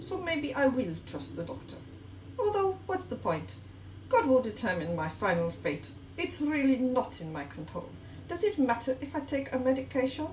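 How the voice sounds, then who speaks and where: A woman's voice: sits high, very animated, normal speed, a little mellow, echoey room, slight background noise, rough recording. A woman playing an anxious fifty-year-old man with a put-on Russian accent, musing and second-guessing himself in a scripted training video. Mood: wavering, pondering.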